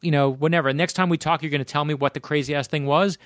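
A man from Florida, a guest author, telling personal stories in a casual conversation, animated and rushing ahead in bursts. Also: on the high side, dry recording, clean studio sound. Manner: animated anecdotes, speeds up in bursts.

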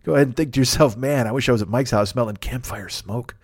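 A man's voice: medium pitch, fast, husky. A man in his fifties doing a rambling, profane, self-mocking solo comedy podcast from his apartment, talking into a microphone turned sideways. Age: 50s. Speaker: podcast host.

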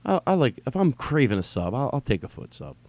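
A man of middle pitch rambles through a solo podcast from home, drifting between tangents and circling back to repeat himself. He swears freely and keeps the talk loose and casual. His voice sounds close and dry, with no room around it. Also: big pitch swings, brisk, darkish tone, no echo, dull audio. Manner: digressive, profane, repeats himself. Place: at home during quarantine.

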